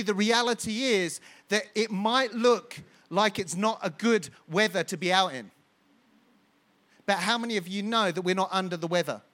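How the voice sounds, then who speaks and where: A man's voice: high voice, a bit bright. A man preaching a sermon as pastor, building with rhetorical questions and repetition.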